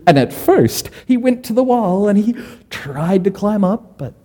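A man telling a folk tale aloud in a playful, animated way, swinging from whispers to bursts. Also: sits high, unhurried. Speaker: storyteller. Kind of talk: oral storytelling.

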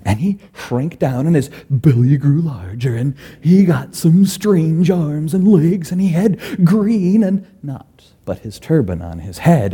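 A man telling a folk tale aloud in a playful, animated way, swinging from whispers to bursts. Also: medium pitch, husky. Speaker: storyteller. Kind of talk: oral storytelling.

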